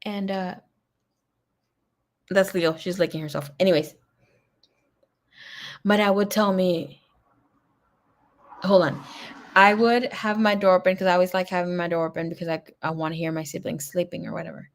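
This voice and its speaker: A woman's voice: lowish voice, fairly even intonation, normal speed, pauses often. A woman tarot reader chatting casually on a livestream, telling rambling stories full of swearing and laughter. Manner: chatty, profane storytelling; laughs often.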